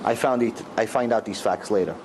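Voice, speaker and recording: A man's voice: lowish voice, a little fast, background noise. A middle-aged man and rabbi giving a storytelling Torah lecture, acting out the dialogue in raised voices.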